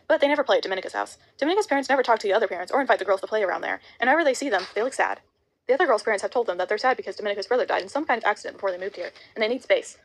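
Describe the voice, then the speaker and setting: Fast-reading woman stumbling over words. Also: fairly high pitch, low-quality recording. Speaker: audiobook reader. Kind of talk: reading a novel aloud.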